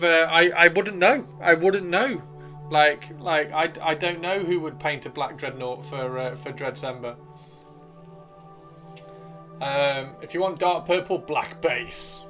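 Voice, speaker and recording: A man hosting a casual livestream, reading out viewer comments, playful and chatty, swearing freely and repeating himself. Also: a little high. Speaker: livestream host.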